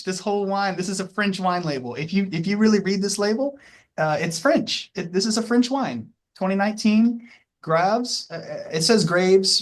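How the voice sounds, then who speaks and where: A man teaching a class, walking through the details in a casual, rambling way with many fillers and restarts. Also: sits high. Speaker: instructor. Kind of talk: classroom lecture.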